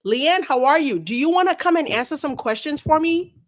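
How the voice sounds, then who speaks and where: A woman hosting a casual livestream, chatting about a lawsuit and reading viewer messages aloud in an animated way. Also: high-pitched, fairly quick. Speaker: livestream host.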